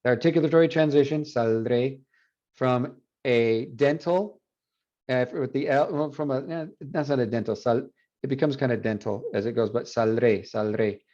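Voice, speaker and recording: A male Spanish professor giving an animated university lecture, repeating example words aloud to demonstrate. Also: mid-range voice, normal speed. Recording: dull lo-fi classroom recording.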